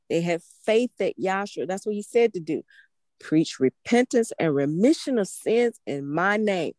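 A woman's voice: lowish voice, mellow, dry recording. A woman preaching a sermon in a fervent, emphatic way, repeating phrases for stress. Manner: fervent, emphatic, with emotional laughs.

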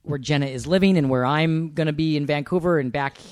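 A woman's voice: deep voice, brisk, darkish tone. A woman co-hosting a podcast in casual chat, teasing her co-host and swearing emphatically.

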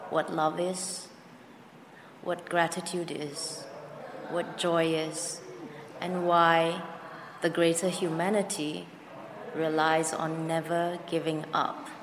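A woman guest in an interview, speaking slowly and earnestly with an inspirational tone. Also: fairly low pitch, a little hiss or hum. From foreign to the Philippines. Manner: slow, earnest and inspirational, with frequent laughs. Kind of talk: heartfelt interview answers. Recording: echoey room with faint background.

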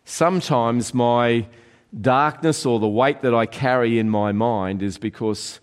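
A middle-aged man preaching a sermon, earnest, slowing and softening his voice on key phrases. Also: mid-range voice, smooth. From Australia. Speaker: pastor.

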